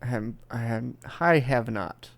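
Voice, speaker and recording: Young guy rambling about games on a podcast, smooth voice, dry sound. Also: medium pitch, slow pace, no echo. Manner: rambling, swears, laughs often. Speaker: podcast host. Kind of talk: casual gaming chat.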